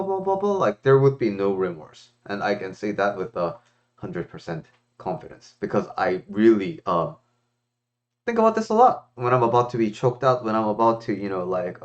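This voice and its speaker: A life coach talks thoughtfully to a viewer in a casual, reflective way to camera, in a lowish voice with lo-fi sound. He's expressive, with lots of fillers and restarts.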